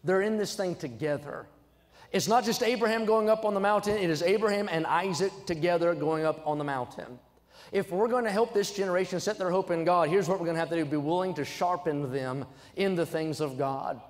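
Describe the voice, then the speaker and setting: A young adult man preaching a sermon, swinging from quiet asides to loud, emphatic exhortation. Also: high voice, brisk. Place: church sanctuary. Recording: church sanctuary with long reverb.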